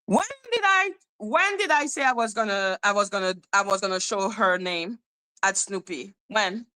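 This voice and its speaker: Bright-voiced woman taunting on a livestream. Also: mid-range voice, expressive, moderate pace. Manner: profane, taunting, reads chat aloud. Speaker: livestream host. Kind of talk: casual livestream chat.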